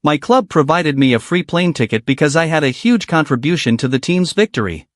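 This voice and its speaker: A man's voice: a little high, lively intonation, brisk, no echo, studio quality, natural voice. A man reading as a cheerful teenage football prodigy. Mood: upbeat. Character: young teenage male football prodigy, upbeat.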